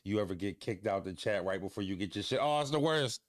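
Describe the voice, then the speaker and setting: Young man, livestream host, low voice, profane joking, dry close mic. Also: lively intonation, fast, no echo. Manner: loose, profane, laughing, reads and roasts chat. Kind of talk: casual livestream chat.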